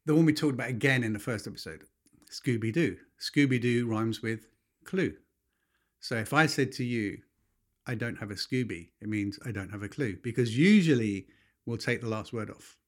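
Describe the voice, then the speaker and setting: A man, co-hosting a casual podcast chat, explaining things in a chatty way and quick to laugh. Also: mid-range voice. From England. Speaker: podcast co-host.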